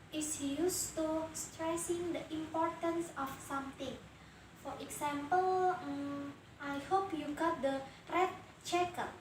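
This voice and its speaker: A young woman playing a helpful female friend who explains a lesson slowly in plain non-native English. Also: sits high. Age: young adult. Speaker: student. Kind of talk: amateur student drama. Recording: echoey room, far from the mic, noisy.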